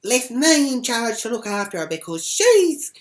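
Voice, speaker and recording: A woman voicing a shrill, sweary female neighbor who minds an old lady. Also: very animated, normal speed. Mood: indignant. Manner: indignant, sweary.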